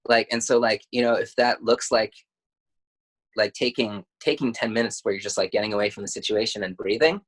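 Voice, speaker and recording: Man, low voice, earnest and halting in relaxed conversation. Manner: halting, filler-heavy, earnest. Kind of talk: casual spiritual chat.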